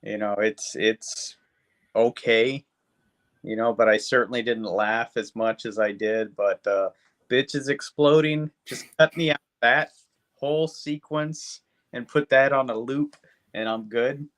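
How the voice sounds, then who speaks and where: A man's voice: mid-range voice, a little slow, fairly bright tone. Guy in his fifties rambling about movies, swears a lot, lots of uh and you know. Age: 50s. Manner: rambling and profane, with lots of fillers. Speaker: podcast co-host. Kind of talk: casual movie review chat.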